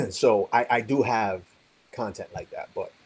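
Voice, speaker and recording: A police officer talking casually in blunt, profane street slang, rambling with lots of "you know". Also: male voice, lowish voice, unhurried, slightly rough, rough recording. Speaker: police officer, coaching client. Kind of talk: casual conversation on a call.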